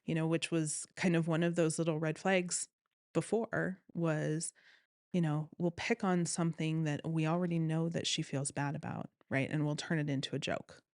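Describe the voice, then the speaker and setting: A woman's voice: sits low, normal speed, dry recording. Earnest woman guest, dry close sound. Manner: earnest, animated, often quotes others. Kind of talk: personal story in conversation.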